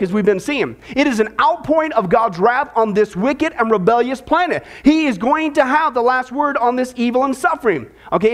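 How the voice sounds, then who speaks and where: A male pastor preaching a sermon in a joking, chatty, lively way. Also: very high voice.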